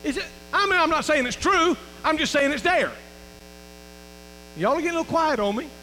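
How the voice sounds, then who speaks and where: A man's voice: very high voice, expressive, a little fast, pushed and bright, a little hiss or hum. Preaching man in a reverberant church. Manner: folksy preaching, calls for amens, restarts and fillers. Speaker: lead pastor. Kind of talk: sermon. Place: church sanctuary.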